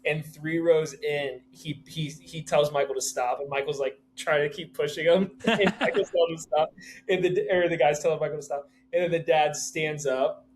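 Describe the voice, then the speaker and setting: A man co-hosts a casual podcast, telling excited and rambling anecdotes. His voice sits a little on the high side, and faint background noise hums beneath it. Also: normal speed. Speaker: podcast co-host. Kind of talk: casual chat.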